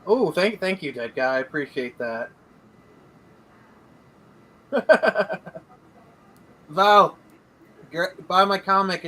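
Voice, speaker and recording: A man's voice: high-pitched, animated, extremely slow, long pauses, bright, forceful tone, low-quality recording. A young man talking casually as a guest on a livestream, rambling with many fillers. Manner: rambling, hesitant, lots of fillers. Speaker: guest comic creator.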